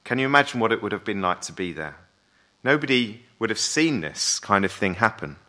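Bright-voiced male preacher. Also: on the low side, big pitch swings, fairly quick. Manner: conversational preaching with rhetorical questions. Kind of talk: sermon.

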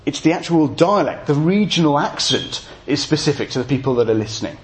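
A man's voice: on the high side, animated, brisk. A man preaching an evening sermon, explaining scripture with jokey asides to his congregation.

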